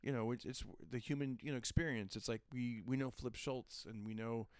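Male comic, chatty, loose storyteller, mid pitch, dry studio sound. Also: steady tone, brisk, smooth, no echo. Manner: rambling, storytelling with quoted voices. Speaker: stand-up comedian. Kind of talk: casual podcast chat.

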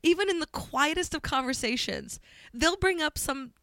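A woman's voice: high voice, normal speed, sharp tone, no echo, clean studio sound. A woman co-hosting a podcast who chats in a rambling, giggly way with many fillers. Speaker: podcast co-host. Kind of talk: casual chat.

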